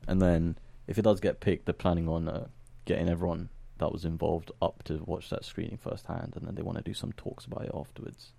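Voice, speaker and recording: A man's voice: deep voice, level tone, a little fast, creaky, few pauses, warm tone, no room sound. A young man co-hosting a podcast, laid-back and slangy in casual chat. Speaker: podcast co-host.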